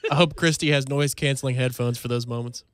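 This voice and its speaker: A man co-hosting a sports radio show, telling a laughing anecdote and shouting out quoted lines. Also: medium pitch, fairly even intonation, brisk, no echo, clean studio sound. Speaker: radio co-host. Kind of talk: casual radio chat.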